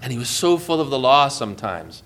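A man preaching a sermon in an earnest way, often dropping soft and low as he quotes. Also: very animated, fairly quick.

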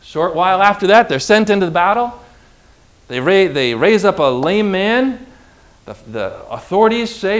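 High-voiced, emphatic male preacher. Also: moderate pace. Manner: emphatic, animated storytelling. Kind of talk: sermon.

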